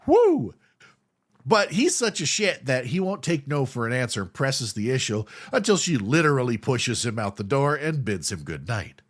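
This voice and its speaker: An animated man in a middle pitch, co-hosting a podcast and recapping a film in loose, casual chat. His voice swings widely as he tells it, he drops curses freely and breaks into laughter now and then. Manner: animated, swears freely, laughs often, acts out film characters in quick asides. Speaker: podcast co-host.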